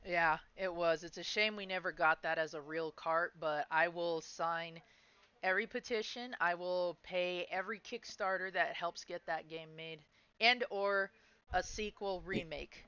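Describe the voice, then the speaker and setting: A woman hosting a casual podcast chat, relaxed and quick to laugh. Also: on the low side, clear, resonant tone, no echo. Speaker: podcast host. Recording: dull, dry, slightly lo-fi.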